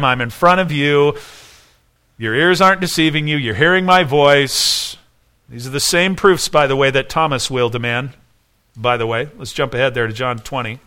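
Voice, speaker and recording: Um homem pregando um sermão com fervor, fazendo perguntas retóricas à congregação. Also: male voice, mid-range voice, normal speed, sharp tone, smooth. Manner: earnest preaching with rhetorical questions. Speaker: pastor. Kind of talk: sermon.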